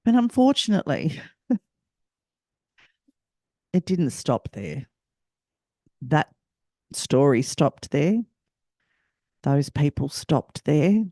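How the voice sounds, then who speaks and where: An Australian woman hosting a personal storytelling podcast, speaking reflectively and haltingly and often repeating herself. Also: sits low, sing-song, mellow, no echo, studio quality. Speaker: podcast host.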